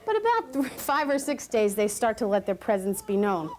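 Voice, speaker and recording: A woman giving a lively, joking lecture to new parents as a parenting class instructor. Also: medium pitch, moderate pace.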